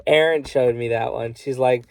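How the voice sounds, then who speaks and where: A man's voice: medium pitch, fairly even intonation, normal speed, vocal fry, slight background noise. A man ranting casually on a vlog, rambling and swearing a lot, filling gaps with "you know". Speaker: vlogger. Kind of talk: casual rant to camera.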